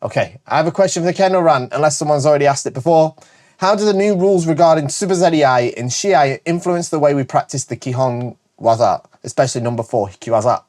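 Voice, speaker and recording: A man with a northern English accent, hosting a casual show where he answers viewer questions, talking fast and chattily with frequent self-corrections. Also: on the high side, a little mellow. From Britain. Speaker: host.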